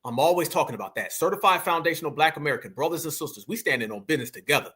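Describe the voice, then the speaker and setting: A man's voice: fairly high pitch, expressive, racing, fairly bright tone, husky. A man hosting an online commentary, talking preachily and addressing viewers as family. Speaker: commentary host.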